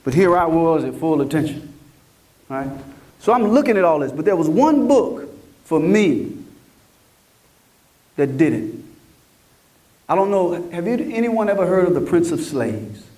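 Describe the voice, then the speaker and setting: A middle-aged man tells his story to a conference crowd in an animated, motivational way, often checking in with the audience. His voice sits a little high for a man. He sounds set back from the microphone. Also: unhurried, long pauses, recorded from a distance. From Mississippi, US. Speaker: conference speaker.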